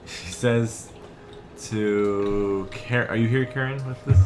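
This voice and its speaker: A man running a tabletop game as game master, narrating in a laid-back, halting way over background music. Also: on the low side, steady tone.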